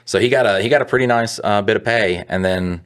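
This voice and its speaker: A man's voice: lowish voice, fast talker, a bit bright. A young adult man co-hosting a podcast, rambling through a profane work story in casual chat. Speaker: podcast co-host.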